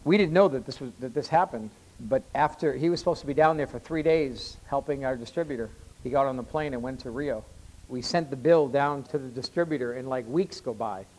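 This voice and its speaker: A man preaching a sermon as pastor, swelling louder on key points and slowing down to read scripture aloud. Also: mid-range voice, rough recording. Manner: builds to loud emphatic rises, slows to read scripture.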